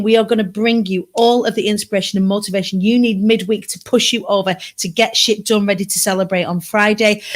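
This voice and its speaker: A woman from Britain hosting a casual livestream from her sofa, bubbly and chatty with rambling asides. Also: mid-range voice. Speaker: livestream host. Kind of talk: casual live chat. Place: home sofa.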